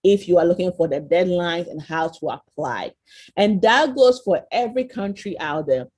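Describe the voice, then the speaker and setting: A woman's voice: lowish voice, lively intonation, normal speed, a little mellow, husky. Woman teaching an online class. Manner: encouraging, quizzes listeners with frequent "okay?" and "right?". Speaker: virtual tour presenter. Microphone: video call.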